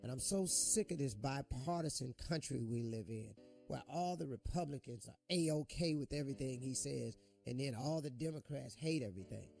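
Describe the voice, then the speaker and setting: A man's voice: mid-range voice, expressive, normal speed, creaky, darkish tone, soft background music. Impassioned middle-aged male radio host. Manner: impassioned, preachy commentary. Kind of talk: morning radio talk.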